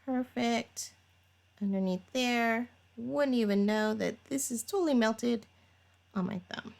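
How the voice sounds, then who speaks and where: A woman talks through a manicure at an unhurried, easy pace. She is chatty and explains each step as she works. Now and then she laughs at her own fumbles. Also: a little high, creaky, darkish tone. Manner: chatty, talks while working, laughs at herself. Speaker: nail tutorial vlogger. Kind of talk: casual step-by-step demonstration.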